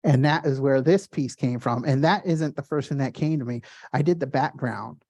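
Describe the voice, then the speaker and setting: A man tells stories about his own artwork in a casual, animated way. He rushes ahead when he gets excited and stumbles over fillers and restarts. His voice sits at a mid pitch and sounds dry and close, with no room echo. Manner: excited, talks fast in quick bursts. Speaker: artist giving a gallery talk. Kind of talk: casual storytelling talk.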